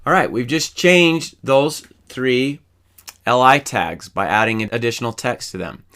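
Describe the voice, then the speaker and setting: A male instructor talks through a screen-recorded coding lesson, narrating every step as he goes. His voice has a bright, forward edge and sits at an ordinary middle pitch. He keeps a calm, methodical pace. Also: unhurried. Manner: calm, methodical, explains each step while typing. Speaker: programming instructor.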